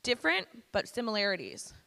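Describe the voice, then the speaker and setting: A woman's voice: a little high, huge pitch swings, fairly quick, gravelly, pushed and bright, in a large hall. A woman in her thirties giving a candid, conversational personal testimony to students as a guest speaker, using casual slang. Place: school hall.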